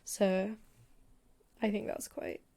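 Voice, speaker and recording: A woman's voice: medium pitch, level tone, slow, mellow. A woman co-hosting a podcast, speaking frankly and steering the talk with questions and practical tips. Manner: frank, advice-giving, leads the questions. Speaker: podcast co-host. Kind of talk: casual chat.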